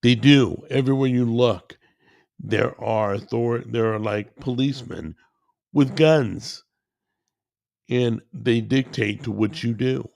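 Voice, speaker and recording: A male commentator delivers a heated, repetitive political rant, addressing his listeners as guys. His low, darkish voice carries a gravelly fry, and he speaks at an unhurried, deliberate pace. The sound is close and dry with no echo.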